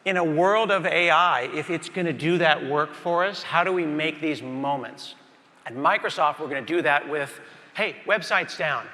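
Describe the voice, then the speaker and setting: A middle-aged man giving a conference keynote on a large stage, telling stories animatedly and talking straight to the crowd. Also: fairly high pitch. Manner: animated storytelling, acts out scenes, addresses the crowd. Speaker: keynote speaker. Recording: reverberant conference hall.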